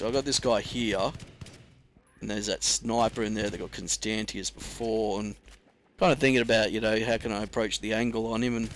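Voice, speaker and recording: A man's voice: on the low side, slight background noise. A young man giving rambling, casual commentary over gameplay, swearing heavily and using slang. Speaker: gaming commentator.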